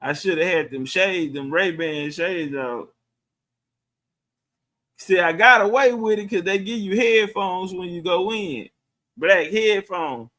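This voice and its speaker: A middle-aged man hosts a casual livestream, chatting loosely, swearing, and answering comments from viewers. His voice sits high and sounds pushed and bright, and he speaks slowly.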